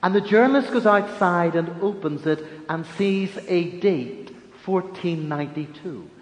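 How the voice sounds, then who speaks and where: A man with a high voice preaches a sermon in a big echoey hall, the reverb trailing after each phrase. He talks in a measured way and slows down to press his points home. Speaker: religious leader.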